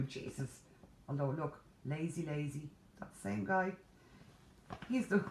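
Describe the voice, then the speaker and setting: An Irish woman vlogging about cross-stitch, ranting in an animated, exasperated way with playful asides. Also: low-pitched, a little slow, long pauses, a little hiss or hum. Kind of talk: casual chat to camera. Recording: echoey room.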